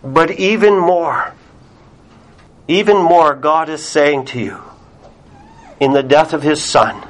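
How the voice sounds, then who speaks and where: A man's voice: on the high side, slow, pauses often, rough recording. A man preaching a sermon, earnest, with rising and falling emphasis and repeated words.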